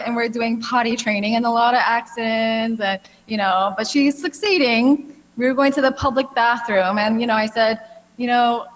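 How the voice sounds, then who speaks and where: A woman in her thirties, a gynecologic oncologist giving a friendly, chatty health talk with a lot of fillers. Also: fairly high pitch. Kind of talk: health expo presentation. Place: large hall. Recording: long hall reverb.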